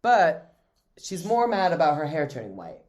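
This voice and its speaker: A man's voice: fairly high pitch, huge pitch swings, moderate pace, a little mellow. A man co-hosting a podcast, recapping a TV drama in loose casual chat with crude jokes and frequent laughter. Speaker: podcast co-host.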